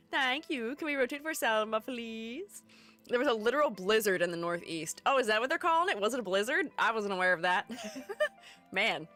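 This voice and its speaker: Young woman, casual live-stream host; animated, chatty, laughs a lot. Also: on the high side, moderate pace, faint music behind. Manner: chatty, reads chat aloud, laughs often. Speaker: streamer and art educator.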